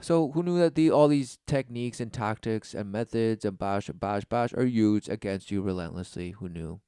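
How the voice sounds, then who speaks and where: Sarcastic man with a crisp voice. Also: lowish voice, moderate pace, mellow, dry recording, clean studio sound. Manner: sarcastic, mocking; reads study text aloud, then scoffs. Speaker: preacher. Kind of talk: preaching commentary.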